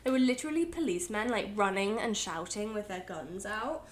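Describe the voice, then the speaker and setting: A young woman chats casually as a podcast co-host. She tells anecdotes in a lively, laughing way. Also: medium pitch, brisk. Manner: chatty, laughing storyteller. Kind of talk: casual chat.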